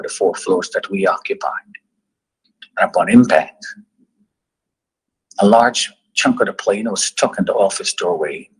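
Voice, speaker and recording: Middle-aged male survivor, deep raspy voice, slow halting storyteller. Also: low-quality recording. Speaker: survivor giving a testimony. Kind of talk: personal story told to students.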